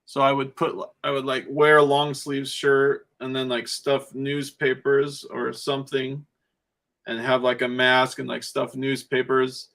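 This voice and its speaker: Male podcast guest, mid-pitched gravelly voice, casual rambling storyteller who chuckles a lot. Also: monotone, measured pace, fairly bright tone. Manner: rambling storytelling, laughs often between phrases. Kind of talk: casual chat.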